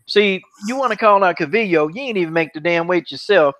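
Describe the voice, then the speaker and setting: A man's voice: high voice, animated, fairly quick, a bit bright. A man hosting an MMA podcast who talks in a heated, mocking way, repeating himself and swearing freely. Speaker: podcast host. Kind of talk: heated casual MMA chat. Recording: dull, lo-fi podcast audio.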